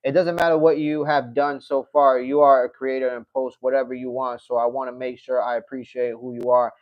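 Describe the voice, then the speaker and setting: A man hosts a casual fight-sports livestream, talking straight to his viewers in an animated, chatty way. He often breaks into laughter as he reads comments aloud. His voice sits at an ordinary pitch, with a dry, slightly muffled recording. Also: a little fast, no room sound. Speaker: MMA channel host.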